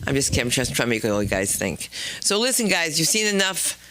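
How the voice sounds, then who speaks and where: A man's voice: fairly high pitch, very animated, quick pace, bright, forceful tone, a little hiss or hum. A man hosting a comedy show, rambling and joking with the crowd. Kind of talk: host banter. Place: comedy club.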